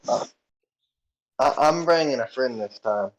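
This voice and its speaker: A man's voice: medium pitch, expressive, a little slow, pauses often, background noise. A man playing a character in a tabletop game, stammering and repeating words as he talks. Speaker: player.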